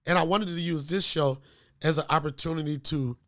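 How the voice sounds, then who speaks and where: Getting over a cold, a comedy podcast host tells stories in a loose, profane, filler-heavy way during casual chat. He speaks a little fast, with a fairly high-pitched, slightly bright voice and a steady tone.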